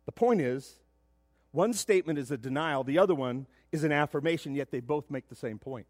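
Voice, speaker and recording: A middle-aged man preaching a sermon as pastor, emphatic, often repeating words as he builds to loud points. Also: fairly high pitch, fairly quick, dry recording, clean studio sound. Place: church sanctuary.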